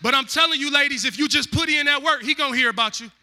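High, bright-voiced man preaching emphatically with street slang, shouting key lines; echoey hall. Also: quick pace. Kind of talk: comic, animated sermon.

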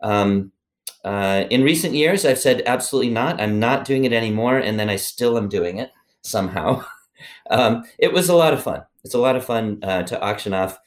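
A man's voice: on the low side, lively intonation, normal speed. A middle-aged man, a former organization president, answering interview questions in a rambling, self-deprecating way with many fillers and restarts. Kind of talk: conversational podcast interview.

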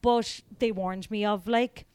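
A woman's voice: medium pitch, steady tone, slow, darkish tone, clean tone, no room sound, clean studio sound. A woman in her thirties with an Irish accent, chatting frankly and casually as a podcast co-host. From Ireland. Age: 30s. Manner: chatty, frank, laughs often, swears. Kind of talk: casual chat.

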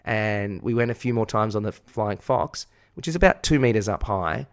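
A man's voice: lowish voice, lively intonation, moderate pace. An Australian man, a podcast co-host and part-time teacher, telling a rambling, self-mocking story in casual chat and swearing freely.

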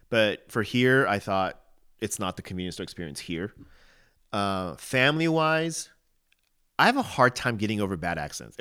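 A man with a fairly low voice talks through a casual podcast chat as co-host. He hesitates and restarts his sentences often, yet states his opinions firmly. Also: fairly bright tone, clean tone.

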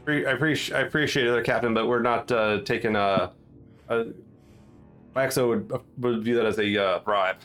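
A firm, courteous soldier officer who turns down favors by the book, voiced by a male game master. He speaks at an ordinary middle pitch. Soft music hums underneath. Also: normal speed, close to an everyday voice. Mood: polite.

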